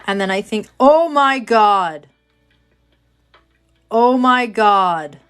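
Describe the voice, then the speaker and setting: Slow, chatty woman on a livestream. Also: fairly high pitch, animated, a bit bright, clear, resonant tone, soft background music. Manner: chatty, self-mocking, talks to chat viewers. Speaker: livestream host. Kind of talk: casual livestream chat.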